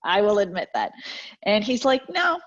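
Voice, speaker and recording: Husky-voiced woman giving a motivational talk. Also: medium pitch, measured pace. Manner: lively storyteller, acts out quoted exchanges. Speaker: guest speaker. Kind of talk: motivational talk with personal stories. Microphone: video call. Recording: dull lo-fi video call audio.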